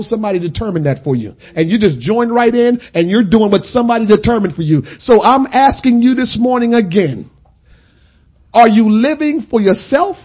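A man preaching a sermon in a conversational, storytelling way that builds to loud, shouted points. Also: extremely high pitch, husky, highs cut off.

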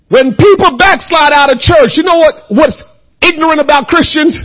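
A man preaching a fiery sermon, shouting and crying out, then dropping to a hush. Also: extremely high pitch, normal speed, poor audio. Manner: shouting, crying out, swinging from loud to hushed.

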